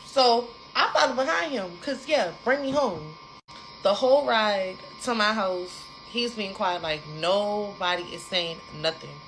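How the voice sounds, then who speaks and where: A young adult woman casually telling a personal story to her viewers, animated and repetitive, talking straight to the audience. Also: mid-range voice, measured pace, few pauses, a little hiss or hum, rough recording.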